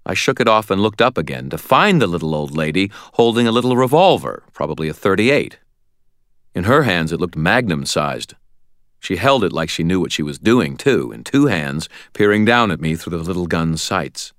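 A man narrating an audiobook in a wry, expressive storytelling manner. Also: low-pitched, normal speed, dry recording, studio quality.

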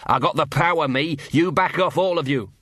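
A man doing a gruff, streetwise mongrel. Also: on the high side, moderate pace, a bit bright, dry recording, studio quality, voice pushed up. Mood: defiant. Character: scruffy, wheezy old male street mongrel.

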